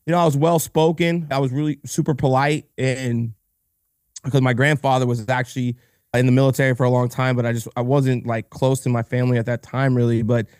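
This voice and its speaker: A man's voice: medium pitch, level tone, a little fast, a little mellow, clear, resonant tone, dry recording, clean studio sound. A man being interviewed on a podcast, speaking candidly and earnestly with frequent restarts, choked up with emotion. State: emotional, near tears. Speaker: podcast guest, entrepreneur. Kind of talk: casual interview chat.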